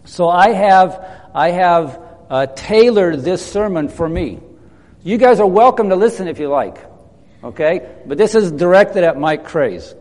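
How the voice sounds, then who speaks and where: Preacher, male, high voice, emphatic, slows down for key lines, live church recording with long reverb. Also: expressive, a little mellow. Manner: emphatic, slows down on key phrases, leads the congregation in call and response. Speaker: pastor. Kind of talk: sermon. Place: church hall.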